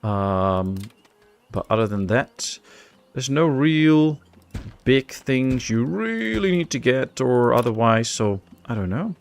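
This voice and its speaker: Gravelly Dutch man with a chatty streamer manner. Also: medium pitch, very animated, slow pace. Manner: chatty, laid-back, answers chat with jokes. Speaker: gaming streamer. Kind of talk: live-stream gameplay commentary.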